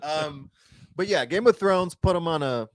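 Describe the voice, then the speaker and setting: A man with a New York accent, co-hosting a casual film podcast and talking loudly, with lots of swearing. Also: a little high, unhurried, dry recording, studio quality. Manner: loud, animated, swearing freely. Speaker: podcast co-host. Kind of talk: casual chat.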